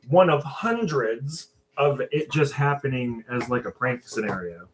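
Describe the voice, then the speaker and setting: A man's voice: mid-range voice, expressive, unhurried. A man co-hosting a casual livestream chat, offhand and wry, swearing casually. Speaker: podcast co-host.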